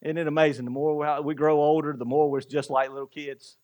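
A man's voice: on the high side, little pitch movement, brisk, a little mellow, lo-fi sound. A male pastor giving a sermon in a conversational way, asking the congregation rhetorical questions and chuckling between points.

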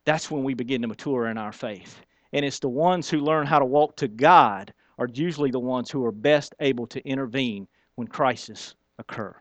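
A man's voice: medium pitch, moderate pace, few pauses, fairly bright tone, no echo. A man preaching a sermon, talking to the congregation in a conversational way and acting out the lines he quotes. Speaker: pastor.

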